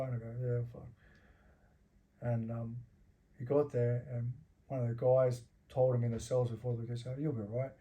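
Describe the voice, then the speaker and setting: Casting: middle-aged Australian man, dark mellow voice, swears freely, laughs through his stories. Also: medium pitch. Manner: rough, profane, laughs while telling stories. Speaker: interview guest. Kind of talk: casual storytelling with heavy swearing.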